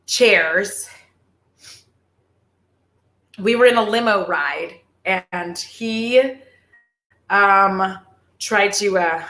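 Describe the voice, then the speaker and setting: A woman's voice: medium pitch, a bit bright, reverberant. A woman chatting on a casual livestream, rambling and giggling with lots of fillers. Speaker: streamer.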